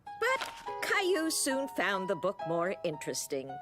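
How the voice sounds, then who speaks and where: A woman narrating a preschool cartoon in a warm, simple storybook style. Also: medium pitch, huge pitch swings, measured pace. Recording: loud children's music behind.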